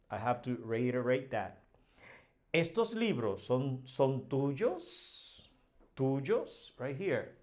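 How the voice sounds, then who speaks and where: Slow, patient male teacher. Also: mid-range voice. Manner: patient, repeats example sentences, modeling question intonation. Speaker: Spanish teacher. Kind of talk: slow explanatory language lesson.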